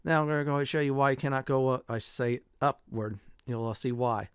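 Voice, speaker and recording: A man's voice: mid-range voice, brisk, clean tone, dry recording, studio quality. A middle-aged man giving casual commentary over a video game playthrough, chatty, with lots of "uh" fillers and frequent chuckles. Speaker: gameplay commentator.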